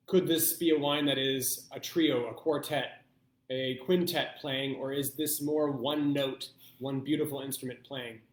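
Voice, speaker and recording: A man's voice: on the high side, reverberant, a little hiss or hum. Thoughtful man hosting a wine tasting. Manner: thoughtful, thinking aloud with pauses. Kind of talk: live online blind tasting.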